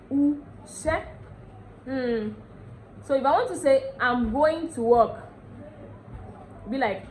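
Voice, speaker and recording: A woman with a Nigerian accent teaching a casual language lesson, repeating words slowly and often checking that viewers follow. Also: a little high, a little mellow, a little hiss or hum, rough recording.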